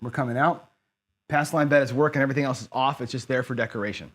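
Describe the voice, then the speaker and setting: A man talking his way through a dice game on a live stream. His voice sits at an ordinary middle pitch. He mutters to himself, greets viewers in the chat and keeps up a loose running commentary. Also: steady tone, quick pace. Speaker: craps streamer. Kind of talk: casual live-stream commentary while playing.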